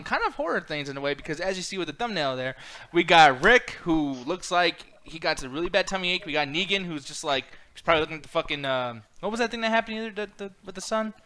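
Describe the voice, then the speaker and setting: Lively high-voiced joking male streamer. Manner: joking, rambling, swears a lot. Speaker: co-host of a live-streamed chat show. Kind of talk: casual chat.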